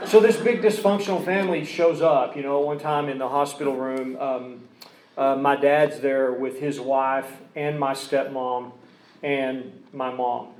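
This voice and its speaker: A man's voice: mid-range voice, fairly even intonation, a little slow, a little mellow, roomy sound, a little hiss or hum, poor audio. A man telling his personal recovery story in a rambling way, full of restarts and asides. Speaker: recovery speaker.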